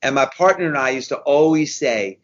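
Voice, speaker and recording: Energetic man in his fifties telling stories. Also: medium pitch, moderate pace, muffled recording. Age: 50s. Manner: energetic storyteller, repeats himself for emphasis. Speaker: guest. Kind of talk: conversational podcast interview.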